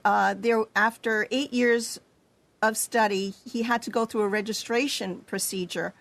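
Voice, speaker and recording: A woman's voice: on the high side, no echo. A woman host introducing a guest in a chatty manner with some hesitant fillers.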